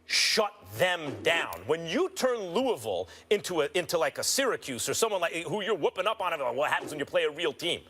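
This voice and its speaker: A man co-hosting a heated studio sports debate, insistent and quick with numbers. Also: fairly high pitch, big pitch swings, sharp tone. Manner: fast, insistent, stat-heavy argument.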